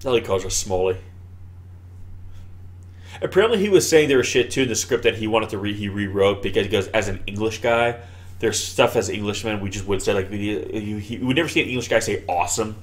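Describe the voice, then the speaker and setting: An American man co-hosting a casual movie commentary, rambling and animated, swearing freely as he talks. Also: on the low side, a little fast. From United States. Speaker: podcast co-host.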